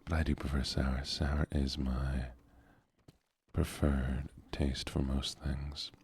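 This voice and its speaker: A man softly chatting with viewers while streaming a game, in a soft-spoken, easygoing way. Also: very deep voice, little pitch movement, takes it slowly, slightly rough, dry recording.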